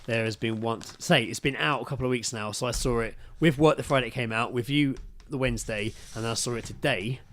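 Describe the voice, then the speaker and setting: A young man co-hosting a podcast, excitedly retelling film scenes with heavy swearing. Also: medium pitch, fast talker, hardly any pauses. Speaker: podcast co-host. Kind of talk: casual chat.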